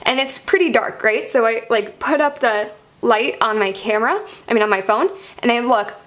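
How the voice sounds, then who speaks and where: A woman's voice: fairly high pitch, moderate pace, fairly bright tone. A young woman telling a personal story as a vlogger in a casual, chatty way, filling her sentences with "like" and frequent laughs.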